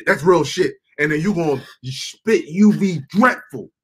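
A high-pitched man with a husky, grainy edge hosts casual reaction commentary. He talks in an animated, profane way, calling out to his viewers as his people. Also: unhurried. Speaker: host.

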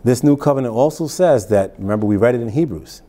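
Reading scripture slowly, a man preaching as pastor then offers plain, conversational asides to explain it. His mid-range voice is animated and dark in tone.

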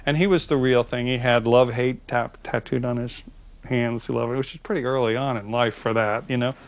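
A man telling an anecdote with a lively storyteller's manner, laughing as he goes. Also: mid-range voice, moderate pace. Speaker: interviewee.

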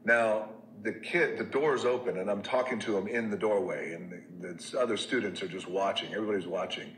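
Deep-voiced man recounting his past candidly, loose and halting, in an echoey room. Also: slight background noise. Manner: candid, conversational, lots of fillers and restarts, drops soft at reflective moments. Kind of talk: personal storytelling.

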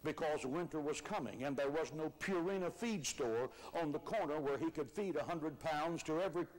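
An older man preaching a sermon as pastor, emphatic, rising to shouts on key words. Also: on the high side, normal speed, low-quality recording.

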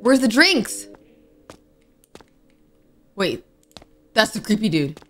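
Animated young woman gaming streamer. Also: medium pitch, slow pace, faint music behind. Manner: animated, talks to herself and the game, reads character lines aloud. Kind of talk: playthrough commentary with read-aloud dialogue.

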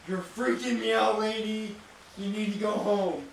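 A man doing jumpy, profane commentary while playing a VR horror game, yelling threats at it, recorded from far off in a very echoey room. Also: high voice, steady tone, moderate pace, a little hiss or hum. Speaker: gaming YouTuber.

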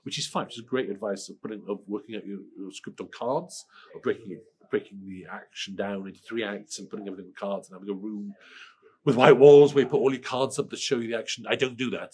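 A middle-aged Welsh man with a cold, answering interview questions in a lively way, often restarting and repeating words. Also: on the low side, fast talker. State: has a cold. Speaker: screenwriter interviewee.

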